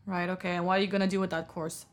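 A young woman in casual chat, animated and laughing, acting out other people as she tells stories. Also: very fast. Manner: animated, laughing, acts out others in loud high voices.

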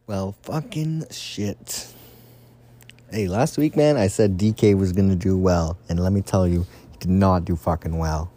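Young guy ranting his fantasy picks solo, swears a ton, lowish mellow voice. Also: a little slow. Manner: profane, excitable, rambling. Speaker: fantasy football podcaster. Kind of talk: casual solo commentary.

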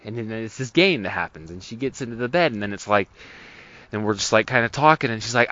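A man hosts a podcast in a bright, forward voice. He talks earnestly and casually, restarting often as he tells his story. The recording sounds dull and lo-fi. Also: lowish voice, expressive, fast, no room sound. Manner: earnest, conversational, with many restarts. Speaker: podcast host.

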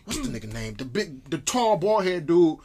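A young man chatting casually with friends, animated and laughing often as he tells stories. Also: a little high, normal speed. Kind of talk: casual chat.

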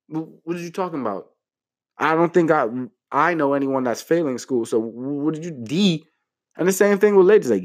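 A young man gives relationship advice to the camera in a casual, playful, slangy style, talking a little fast with lively intonation. His pitch leaps up when he feigns outrage.

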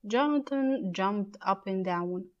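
A woman reading a children's story aloud in a clear, measured way. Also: medium pitch, muffled recording.

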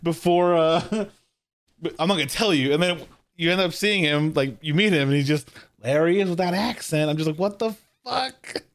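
A man with a high voice rambles through casual talk, animated and full of restarts. His delivery jumps around as he builds his point. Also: moderate pace. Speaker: podcast co-host. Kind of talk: casual chat.

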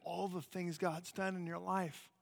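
An American man preaching a sermon as a missionary, in an animated, conversational way. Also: sits high, measured pace, gravelly, in a large hall. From United States.

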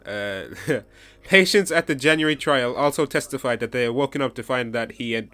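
A man's voice: medium pitch, moderate pace, a bit bright, no echo, soft background music. A man hosting a casual podcast chat, reading out a news story and insisting his friends listen. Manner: reads news articles aloud to friends. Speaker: podcast host.

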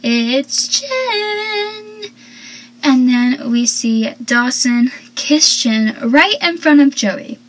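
A young woman with a slightly husky, fairly high voice chats through a recap of a TV episode. She rambles and drifts into personal asides as she goes. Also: takes it slowly, hardly any pauses, poor audio. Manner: rambling and talkative, with asides and laughs. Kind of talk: casual chatty recap.

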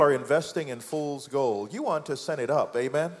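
A man with a Jamaican accent, a guest pastor preaching with fervor that climbs from low and measured to loud and soaring. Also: soft background music. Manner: fervent, builds from low and slow to loud and high.

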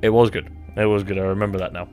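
Rambling man, low-ish voice, podcast chat. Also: fairly even intonation, racing, a little mellow, faint music behind. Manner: rambling, self-deprecating, restarts often. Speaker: podcast co-host. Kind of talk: casual chat reviewing a TV series.

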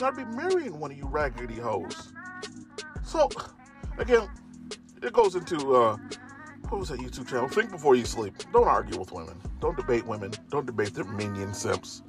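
A man's voice: very animated, normal speed. Profane ranting man, faint music behind. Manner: profane, emphatic, spikes in pitch. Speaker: commentator. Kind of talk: ranting monologue.

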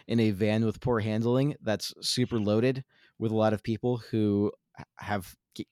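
A man's voice: on the low side, fairly even intonation, moderate pace, a little mellow, no room sound. Man co-host, dry close sound. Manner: wordy, joking, stammers on restarts. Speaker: podcast co-host. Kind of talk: casual chat.

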